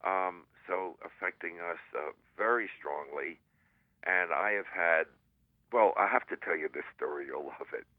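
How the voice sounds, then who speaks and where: An older man chatting on a radio show in a rambling, halting way, full of fillers and corny jokes. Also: deep voice, no echo. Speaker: guest columnist. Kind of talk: casual radio chat over the phone. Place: at home in San Diego. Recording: tinny dry phone line.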